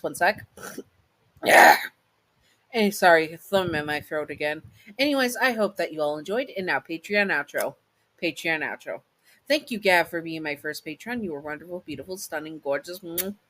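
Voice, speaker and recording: A woman's voice: on the low side, a bit bright, no room sound, rough recording. A woman hosting her own channel, narrating a story and then rambling chattily through her outro with many asides.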